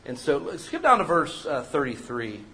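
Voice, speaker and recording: A man preaches a sermon in a high, lively voice that climbs and drops all over. He jokes with the congregation and slips into little acted voices for the people he quotes. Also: normal speed, a little hiss or hum. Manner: animated, joking, acts out voices of people he quotes. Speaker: pastor.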